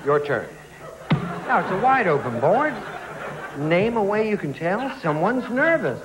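A man's voice: high voice, sing-song, unhurried, over music, rough recording. A man hosting a game show, bantering and punning with contestants in a television studio. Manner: joking, teasing contestants with puns. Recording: loud studio audience and ambience.

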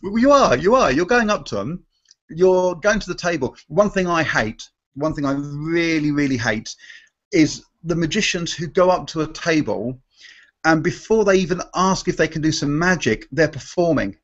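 A man's voice: on the high side, animated, normal speed, fairly bright tone, muffled recording. A man, a magician guest in a live Q&A, talking animatedly and restarting his sentences often. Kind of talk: live Q&A chat.

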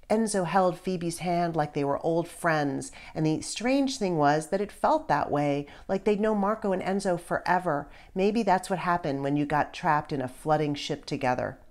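A woman's voice: low voice, a little mellow. A middle-aged woman, a children's author, reading her book aloud to kids with a storyteller's manner and casual asides.

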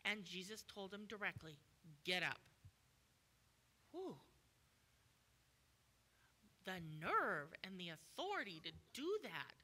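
A woman giving a sermon as a guest preacher in a church, emphatic, often asking the congregation questions and acting out quoted lines with sudden loud commands. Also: mid-range voice, sing-song, normal speed, few pauses.

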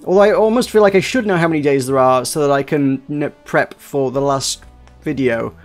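A man's voice: a little high, a little fast, soft background music. A man rambling chattily while commentating on a video game. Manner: rambling, self-interrupting, chatty. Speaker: let's play host.

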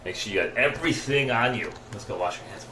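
A man's voice: mid-range voice, expressive, quick pace, background noise. Chatty young man live-streaming at home. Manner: chatty, talks to chat, reads out follows and subs. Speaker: IRL livestreamer. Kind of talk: casual live-stream chat. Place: indoors in a house, kitchen and bathroom.

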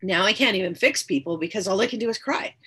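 A woman's voice: medium pitch, quick pace, a bit bright, breathy edge. A woman guest on a podcast, telling her own story candidly and earnestly, often repeating her phrases for emphasis. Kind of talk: personal storytelling in conversation.

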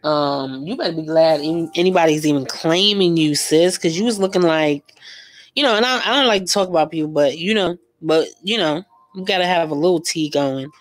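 A young woman with a deep voice talks fairly quickly while painting live as an art vlogger. Slangy and laughing a lot, she chats and gossips casually, telling stories in an animated way.

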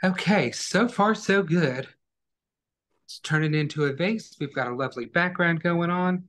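A man teaching an online acrylic painting class, giving calm, step-by-step instructions as he works. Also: on the high side, a little slow.

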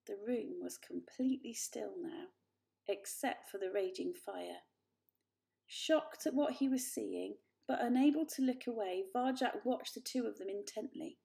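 Woman, storyteller, children's book, calm measured narration, gravelly. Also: medium pitch. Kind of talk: reading a children's book aloud.

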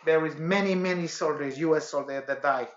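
A man imitating a teasing French male friend, with a mock French accent and halting, broken English. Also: on the high side, echoey room, highs cut off, slight background noise, pitched above the performer's own voice, natural voice.

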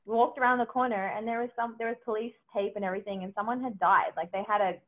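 A chatty woman telling stories as a guest on a casual podcast. Her middle-pitched voice comes through a thin, phone-like remote call line. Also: fairly even intonation, fast talker. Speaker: podcast guest, business owner. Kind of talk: casual chat. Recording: tinny phone-like call audio.

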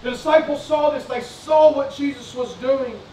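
A man's voice: extremely high pitch, moderate pace, mellow, slight background noise. A male pastor preaching a sermon, fervent and repetitive, putting questions to his congregation. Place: church sanctuary. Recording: roomy sanctuary sound, distant mic.

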